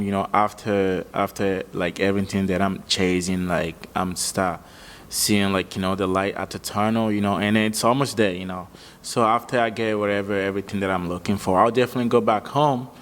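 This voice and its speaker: A man from Africa, a musician guest, chatting casually in an animated, slangy way and laughing often. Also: fairly low pitch, fairly quick, long reverb tail. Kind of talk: casual chat.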